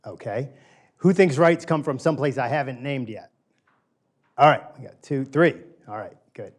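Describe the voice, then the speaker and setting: A man's voice: medium pitch, normal speed. Conversational middle-aged man lecturing. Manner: conversational, polls the audience, repeats key phrases. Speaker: guest lecturer. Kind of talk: informal philosophy lecture. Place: small room with a live audience.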